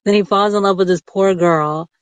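A woman's voice: mid-range voice, fairly even intonation, normal speed, no echo. Woman, caller, gushing, laughs a lot, dry close sound. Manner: gushing, laughs and gasps often. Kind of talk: casual chat. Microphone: phone app call.

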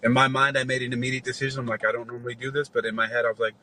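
A man in his forties tells a long, rambling story in relaxed conversation. His voice is bright and forceful, sits at an ordinary pitch, and is laced with swearing as he acts out other people's lines. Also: racing, slight background noise, low-quality recording. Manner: rambling, profane, animated retelling with quoted dialogue. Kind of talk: casual storytelling.

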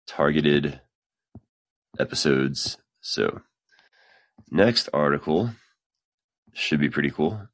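A man's voice: extremely low pitch, no room sound. A man hosting a podcast, reading science news aloud and breaking off into casual, swearing, self-deprecating asides. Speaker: podcast host.

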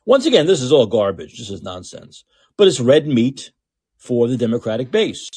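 A man's voice: mid-range voice, very animated, moderate pace, darkish tone, slightly rough, no room sound. A man hosting a podcast with opinionated political commentary, talking in a sarcastic, mocking, repetitive way. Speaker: podcast host.

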